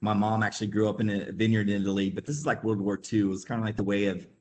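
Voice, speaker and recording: A man's voice: fairly low pitch, flat delivery, rapid-fire, a little mellow. Rambling Midwestern man telling a story. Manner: rambling, laughing, many fillers; acts out quoted voices. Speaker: webinar guest. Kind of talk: casual storytelling.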